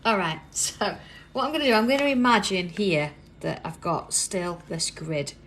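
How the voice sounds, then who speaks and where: A British woman hosting a live craft tutorial, chatting as she works and dropping to a soft whisper while she draws. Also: medium pitch, normal speed, a little hiss or hum. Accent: British English. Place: busy indoor craft workroom.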